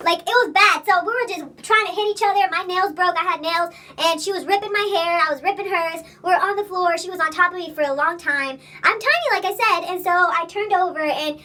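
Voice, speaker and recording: A young woman with a very high, bright voice rambles through a casual storytime vlog. She swears freely and laughs as she tells it. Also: brisk, hardly any pauses. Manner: rambling, profane, laughs while telling. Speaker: vlogger.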